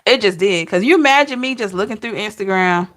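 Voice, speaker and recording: With a mid-range, expressive voice that leans a bit bright, a tarot reader chats casually with her stream's viewers. She laughs, answers them by name, and lingers on incredulous exclamations.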